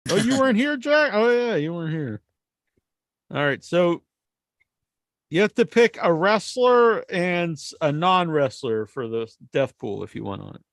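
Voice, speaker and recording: A man's voice: sits high, big pitch swings, moderate pace, no echo. Rambling podcast host man, dry sound. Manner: rambling, laughs often. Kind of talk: casual chat.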